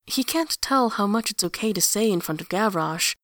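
A woman's voice: mid-range voice, lively intonation, moderate pace, fairly bright tone, no room sound, studio quality. Woman reading a story aloud. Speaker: audiobook reader. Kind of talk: reading fan fiction aloud.

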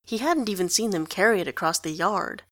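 A woman narrating a story aloud in an even, conversational manner. Her voice sits at a middle pitch, recorded close and dry with no room. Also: fairly quick, dry recording. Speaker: reader. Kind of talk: audiobook narration of fan fiction.

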